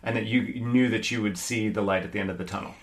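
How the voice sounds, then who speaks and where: A man co-hosting a casual podcast, recapping a story with halting, stammered restarts. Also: lowish voice, steady tone.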